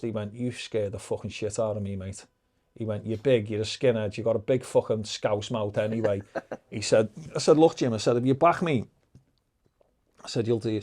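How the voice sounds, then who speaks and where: A middle-aged man, a podcast guest telling lively, profane anecdotes in casual storytelling. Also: fairly low pitch. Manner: swears freely, lively anecdotes.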